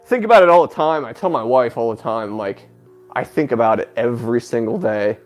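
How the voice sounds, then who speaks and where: A man telling a painful personal story as an interview guest, halting and breaking off with filler sounds, sounding close to tears. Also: medium pitch, animated, faint music behind. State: emotional, near tears. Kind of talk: emotional personal account.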